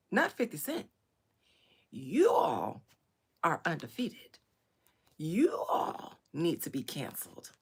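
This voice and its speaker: Gravelly-voiced woman hosting a livestream. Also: sits low, slight background noise. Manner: chatty, drops into whispered asides. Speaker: livestream host. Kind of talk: casual commentary.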